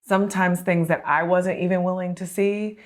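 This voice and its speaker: Woman podcast host, 30s, lower voice, chatty storyteller who laughs a lot. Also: moderate pace. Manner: storytelling, animated, laughs often. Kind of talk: conversational interview.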